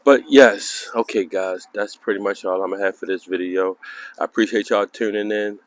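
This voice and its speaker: A man's voice: fairly even intonation, normal speed. Man chatting about his dogs. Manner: talks to his dogs in a high coaxing voice. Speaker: vlogger filming his dogs. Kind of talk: casual chat to viewers. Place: outdoors in a yard.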